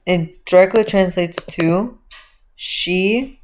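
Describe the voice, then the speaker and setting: A woman teaching a casual grammar lesson, explaining step by step and slowing down to spell out example phrases. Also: fairly low pitch, a little hiss or hum. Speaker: language teacher.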